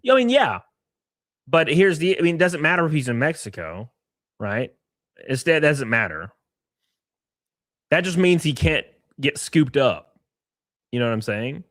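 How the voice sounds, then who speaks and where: Male streamer, 30s, casual and profane, animated pitch, dead-dry recording. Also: unhurried, pauses often, dry recording. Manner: blunt, profane, talks straight to chat. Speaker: live-stream host. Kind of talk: casual reaction commentary.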